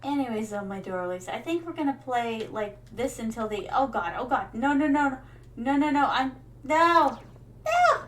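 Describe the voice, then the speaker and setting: A young woman chats through a gaming stream with a high, bright-pitched voice and a faint hiss of noise behind her. She rambles with lots of fillers and plays a playful queen persona, calling her viewers her darlings. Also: animated, normal speed. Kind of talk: casual gaming stream chat.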